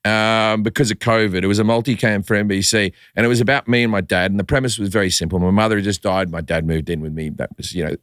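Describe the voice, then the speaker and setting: Australian comic guest, storytelling, dry close mic, casual and profane. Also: male voice, lowish voice, steady tone, a bit bright, clean tone, no room sound. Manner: loose, swearing, does quick voices in anecdotes. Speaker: comedian guest.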